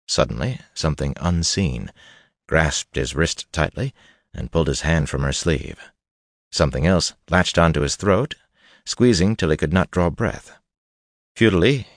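Male audiobook narrator, extremely low voice, measured and steady, dry booth sound. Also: no room sound. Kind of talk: scripted fantasy narration.

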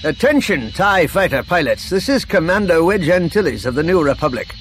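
A man voicing a calm, authoritative male starfighter commander giving clipped orders in an audiobook. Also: fairly high pitch, normal speed, a little hiss or hum, pitched above the performer's own voice. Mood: commanding.

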